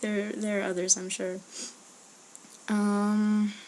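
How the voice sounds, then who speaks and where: A young woman talks through a list of questions in a loose, rambling way. She pauses on fillers and drops quiet asides under her breath. Her voice sits at a middle pitch. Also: flat delivery, a little hiss or hum. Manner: rambling and chatty, with hesitant fillers and murmured asides. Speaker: blogger answering a question meme. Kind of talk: casual spoken audio post.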